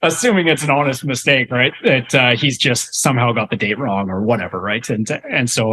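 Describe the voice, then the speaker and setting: A Canadian man in his thirties tells a story as a podcast guest in a medium-pitched voice. He rambles with plenty of fillers and restarts and chuckles as he goes. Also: fairly quick, few pauses, pushed and bright, low-quality recording. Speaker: guest real estate investor. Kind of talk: casual storytelling in a podcast interview.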